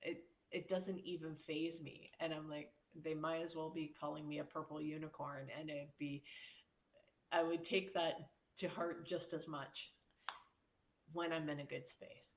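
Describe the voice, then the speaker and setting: Woman coach talking straight, laughs a lot, kinda low voice, sounds like a phone line in an echoey room. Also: little pitch movement, normal speed. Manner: candid, laughs often, mimics voices when quoting. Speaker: life coach. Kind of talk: casual motivational talk.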